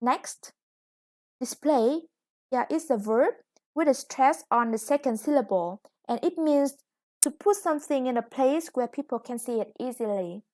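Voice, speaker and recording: A woman teaching an English lesson, slowly stressing each new word. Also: high voice, expressive, darkish tone. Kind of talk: recorded classroom lesson.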